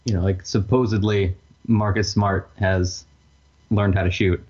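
A man co-hosting a casual sports podcast with a husky voice and dry, deadpan jokes. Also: deep voice, a little slow, slight background noise. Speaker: podcast co-host. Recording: dull lo-fi recording.

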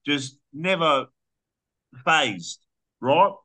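A man with a bright, forceful voice retells a story on a podcast. He rambles casually, restarting phrases and dropping the odd curse as he goes. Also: a little high, lively intonation, very slow. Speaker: podcast co-host.

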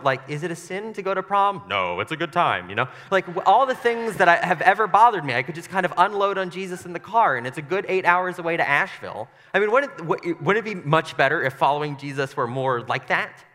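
A young man preaching in a church, his voice bright and forward, carrying a long reverb through the hall. He talks in a loose, conversational way, playful and self-deprecating. He keeps slipping into little voices to act out scenes. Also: high-pitched, expressive, a little fast, few pauses. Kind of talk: casual conversational sermon. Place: church sanctuary.

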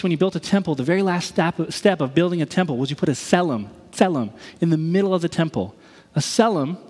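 High-voiced preacher in a reverberant hall. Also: male voice. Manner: casual, joking preacher with sudden emphatic bursts. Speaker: pastor. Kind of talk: sermon.

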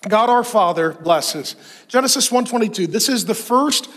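A middle-aged male preacher with a notably high voice delivers an emphatic sermon. He stacks rhetorical questions and long lists, pressing each point home. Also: animated, moderate pace, fairly bright tone. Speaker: pastor. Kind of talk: sermon to men.

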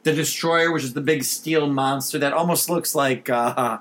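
A man's voice: mid-range voice, normal speed, a bit bright. Man, podcast host. Rambling, loose movie recap delivery. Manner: rambling, with many restarts and fillers. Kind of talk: casual chat.

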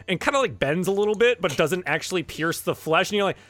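Male game master, casual rambling narration, a bit high-pitched, dry room. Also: animated, quick pace, a bit bright, dry recording, soft background music.

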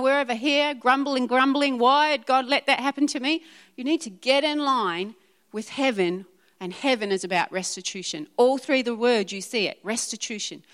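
A woman preaching to a congregation in a church hall, her somewhat high voice carrying a long reverb around her. She drives her points home with emphatic repetition and asks the room for agreement. Her delivery is animated and direct. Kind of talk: sermon.

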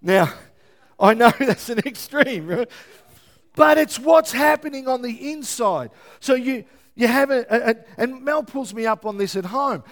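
A man preaching a sermon as pastor, lively and often checking in with his listeners. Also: extremely high pitch, unhurried. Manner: lively, keeps checking in with the congregation.

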